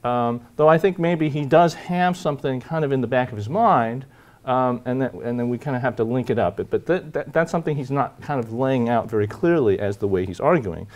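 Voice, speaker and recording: Halting male university lecturer. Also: medium pitch, animated, a little mellow. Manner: halting, many fillers and restarts; reads quoted passages slowly.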